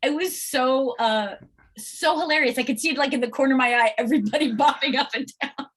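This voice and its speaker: A middle-aged woman, an actress guest telling lively stories in a casual interview. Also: sits high, a little fast, slightly rough. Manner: animated storyteller, lots of "like".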